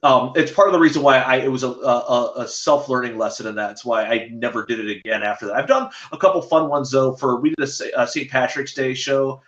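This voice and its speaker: A man's voice: a little fast, few pauses. A ring announcer spins casual stories as a guest. His voice sits in an ordinary male range and comes through a muffled, lo-fi remote line. The room around him rings with a roomy echo. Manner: animated anecdotes, jumps to a higher pitch when quoting people. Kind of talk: casual storytelling interview. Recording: echoey, dull lo-fi remote audio.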